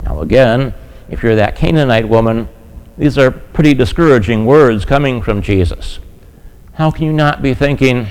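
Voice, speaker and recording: A male pastor delivers a sermon in an earnest, direct manner. His voice sits at an ordinary middle pitch, and he keeps turning to his listeners with rhetorical questions. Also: lively intonation, normal speed, a little mellow, clean tone, low-quality recording.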